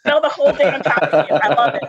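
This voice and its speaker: Woman stand-up comic from Cameroon, high bright voice, sarcastic and rambling; dry, dull lo-fi stream audio. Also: sing-song, quick pace, crowd noise. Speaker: stand-up comedian. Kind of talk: stand-up comedy set.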